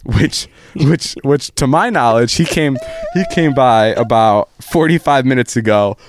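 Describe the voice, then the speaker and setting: Man, mid-pitch, teasing friend in loose banter; crude jokes, lively quoting. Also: measured pace, background noise. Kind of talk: casual chat.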